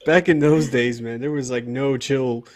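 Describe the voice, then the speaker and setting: A man's voice: medium pitch, fairly even intonation, normal speed, a crowd in the background. A young man chatting casually with friends as co-host, rambling and laughing through stories. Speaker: podcast co-host. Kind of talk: casual chat.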